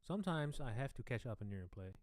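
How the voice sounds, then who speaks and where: Man, live-stream host, casual chat, slightly non-native phrasing, medium pitch, dry studio mic. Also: fast talker, dry recording. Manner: relaxed, chatty, thanks viewers by name, trails off softly. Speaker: pianist hosting a live Q&A stream. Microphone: studio microphone.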